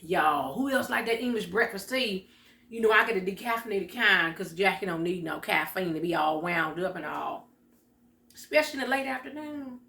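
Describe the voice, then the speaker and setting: A woman's voice: mid-range voice, lively intonation, moderate pace, vocal fry, bright, forceful tone, roomy sound. A woman hosting a casual kitchen vlog, chatting straight to her viewers in a folksy way. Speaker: vlog host. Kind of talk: casual chat to camera. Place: home kitchen.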